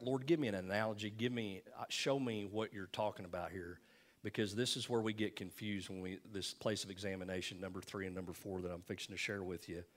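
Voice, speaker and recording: An older man preaching from the pulpit with a low voice. He talks to the congregation like old friends, with folksy asides and repeated phrases for emphasis. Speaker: pastor. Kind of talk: sermon.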